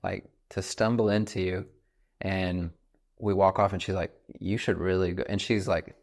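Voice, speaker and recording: Deep-voiced man in his thirties. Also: flat delivery, normal speed, vocal fry. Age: 30s. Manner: earnest, reflective storytelling. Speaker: podcast host. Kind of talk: casual conversation.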